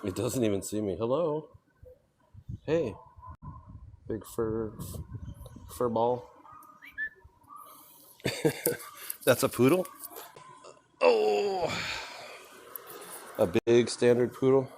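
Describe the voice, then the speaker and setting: A man's voice: medium pitch, expressive, very slow, gravelly, pauses often, a little mellow, a little hiss or hum. A man live-streaming as he walks, chatting casually with viewers and talking to the animals he meets, laughing often. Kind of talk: casual live-stream chat while walking. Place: small shop and street outdoors.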